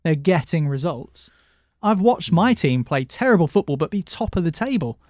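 A man's voice: a little high, very animated, moderate pace, a little mellow, no echo, clean studio sound. A man making his case in a casual football chat, challenging the others. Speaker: football podcast panelist.

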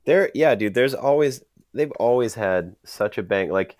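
A man's voice: medium pitch, animated, darkish tone, no echo, clean studio sound. A man co-hosting a casual podcast, rambling and slangy as he recaps scenes from a TV episode. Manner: rambling, fast, with slangy asides. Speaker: podcast co-host.

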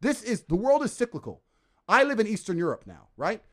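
A man talking as a podcast guest, ranting forcefully and with lots of profanity. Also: high voice, sing-song, brisk. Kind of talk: casual podcast conversation.

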